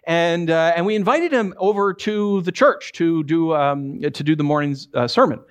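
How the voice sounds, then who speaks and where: A man preaching a sermon as pastor, conversational and animated, with many fillers and restarts and wry asides. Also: fairly high pitch, moderate pace, clean tone. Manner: swings into acted quotes and wry humor.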